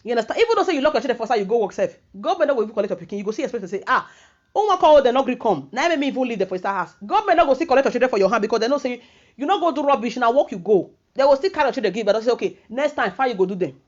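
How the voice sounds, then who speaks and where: A woman's voice: fairly high pitch, lively intonation, rapid-fire. A middle-aged woman with a Nigerian accent giving earnest advice in a casual vlog, lecturing and mixing pidgin with English. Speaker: vlogger. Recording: dull lo-fi recording.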